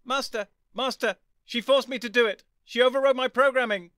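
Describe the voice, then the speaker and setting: A man's voice: very high-pitched, fairly even intonation, a little fast, fairly bright tone, no room sound, studio quality, voice pushed up. A man voicing a loyal, formal robot dog with clipped robotic replies, in an audiobook reading. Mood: panicked.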